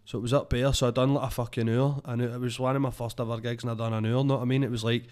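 A man's voice: mid-range voice, flat delivery, rapid-fire, a little mellow. A young Scottish man, a comedian, telling stories in casual podcast chat, swearing and rambling, often checking "know what I mean". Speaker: comedian guest.

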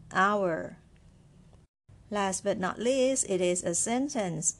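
A woman with a Mandarin Chinese accent, a native Mandarin speaker, hosting a podcast language lesson and patiently repeating words slowly for learners. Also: on the low side.

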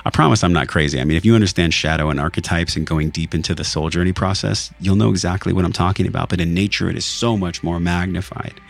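Deep-voiced man telling a heartfelt story. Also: steady tone, fast talker, gravelly, few pauses. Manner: earnest, emotional, reflective. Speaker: podcast host. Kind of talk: personal storytelling monologue.

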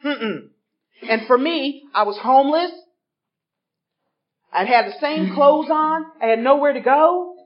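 At a recovery workshop, a woman tells her story to a live audience, acting out the voices of the people in it with animation. She speaks high and at a measured pace, pausing often, on a dull lo-fi recording.

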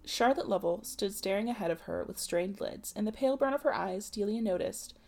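Gravelly woman reading a novel aloud. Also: medium pitch, fairly quick, darkish tone. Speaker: audiobook reader.

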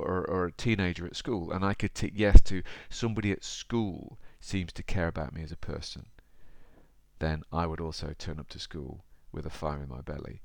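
A man talking straight to his podcast listener in a chatty, easygoing way. His voice sits very low and is rough with fry. The sound is dry and close. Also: no room sound. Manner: chatty, conversational, addresses the listener directly. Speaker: podcast host. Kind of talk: motivational podcast talk with storybook reading.

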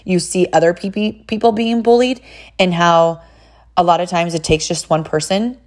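A mother from California with a fairly low-pitched voice talks at normal speed in a casual monologue. She chats through personal stories, saying "like" constantly and animatedly quoting other people's voices.

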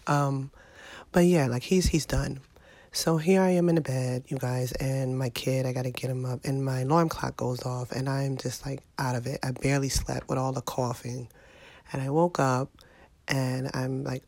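A woman's voice: extremely low pitch, steady tone, normal speed, darkish tone, no echo. Brief: sick, fed-up mom vlogger in her middle years, chatty and exasperated, dry close sound. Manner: exasperated, venting, chatty with viewers. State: sick with a sinus infection. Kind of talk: casual vlog monologue.

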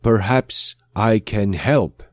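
A man doing a calm, formal alien. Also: on the low side, dry recording. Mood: measured. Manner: measured, stately phrasing.

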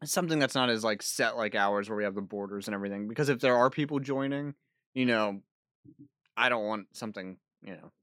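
A man's voice: fairly low pitch, brisk, fairly bright tone, dry recording. Easygoing man, dry close sound. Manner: easygoing, chuckling, hesitant. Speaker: podcast co-host. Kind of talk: casual chat.

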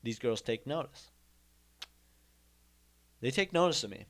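A man's voice: mid-range voice, expressive, measured pace, fairly bright tone. A young man telling a comic story in a rambling monologue, repeating himself and making mock-indignant asides. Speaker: comedian host.

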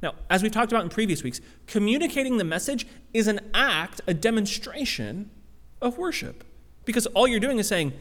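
A man with a high voice preaches a sermon, talking in a loose, conversational way with lots of casual fillers. His voice rings with a long reverb, as in a large hall. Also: expressive, moderate pace, a bit bright. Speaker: pastor.

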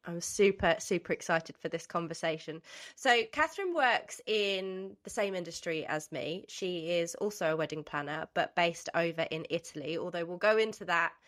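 A woman's voice: fairly low pitch, normal speed, a bit bright. A woman hosting a podcast interview, bubbly and gushing, sounding nasal from a cold. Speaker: podcast host.

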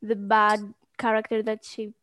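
A woman joining a casual fan chat. She speaks in a measured, earnest way. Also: medium pitch, completely flat delivery, a bit bright, a little hiss or hum.

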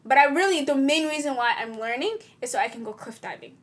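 Quick high-voiced young woman. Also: lively intonation, a bit bright. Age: young adult. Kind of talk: casual chat.

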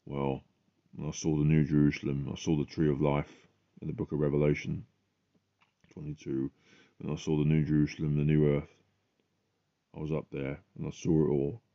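Very deep-voiced fervent man. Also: flat delivery, normal speed, long pauses, lo-fi sound. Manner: fervent, emphatic preaching. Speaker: podcaster. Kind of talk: religious testimony monologue.

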